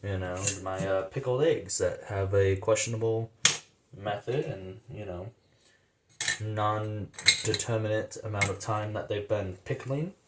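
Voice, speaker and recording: A man's voice: fairly low pitch, measured pace. Slangy man rambling in an echoey kitchen. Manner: rambling, slangy and self-amused. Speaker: cooking vlogger. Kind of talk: casual cooking vlog. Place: home kitchen. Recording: echoey room, faint noise.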